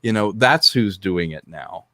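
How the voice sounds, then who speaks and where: A man's voice: on the low side, expressive, measured pace, sharp tone, dry recording, studio quality. A man who is a filmmaker, a guest on a casual podcast, speaking reflectively and handing out advice.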